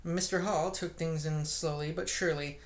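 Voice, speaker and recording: Audiobook reader: woman narrating a classic novel, steady and measured. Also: low voice. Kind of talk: reading a classic novel aloud.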